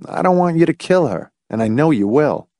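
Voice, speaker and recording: A man voicing a steady, determined man in an audiobook, speaking quietly, slowly and resolutely in a low register. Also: no echo, studio quality, close to an everyday voice.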